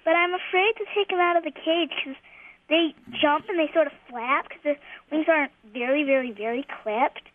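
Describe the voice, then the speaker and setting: A woman's voice: high-pitched, normal speed. A young girl calling a radio show, earnest and chatty, saying "like" often as she explains her problem. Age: teenager. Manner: chatty, earnest, uses "like" a lot. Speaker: caller. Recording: phone call with faint noise.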